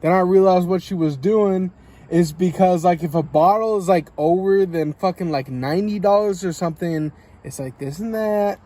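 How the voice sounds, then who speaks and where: A man's voice: sits high, normal speed, warm tone. An American man telling a rambling, profane story in a casual vlog while drinking and coughing. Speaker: vlogger.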